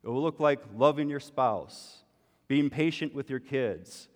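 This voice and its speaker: A man's voice: medium pitch, a little slow. A man giving a sermon as a pastor, conversational and full of rhetorical questions. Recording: long hall reverb.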